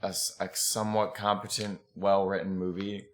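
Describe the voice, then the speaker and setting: A man's voice: low-pitched, little pitch movement, normal speed. A man co-hosting a podcast, chatting casually about a movie with crude jokes and lots of swearing. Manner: crude, joking, swears a lot. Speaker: podcast co-host. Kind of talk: casual movie-review chat.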